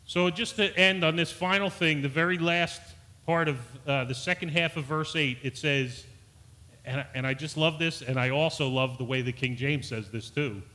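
Male pastor, earnest sermon delivery, bright tone with a slightly high pitch. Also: normal speed. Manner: earnest, repeats and restarts words, rises for emphasis.

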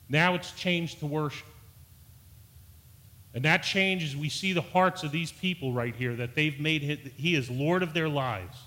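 A man's voice: a little high, bright, forceful tone. A man preaching a sermon in an earnest style, stumbling over and repeating words, his voice rising for emphasis. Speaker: pastor.

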